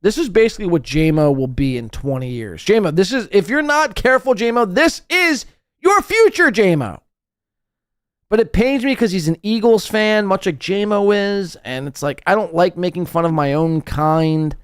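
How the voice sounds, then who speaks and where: A man's voice: high voice, lively intonation, normal speed, clear, resonant tone, no room sound, studio quality. A man hosting a live podcast, reacting to clips with sarcastic, profane mockery. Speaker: podcast host.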